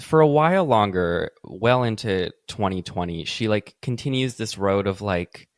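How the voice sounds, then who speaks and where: A man co-hosting a casual discussion podcast, talking wryly and in an animated way. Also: on the low side, moderate pace, no room sound, studio quality.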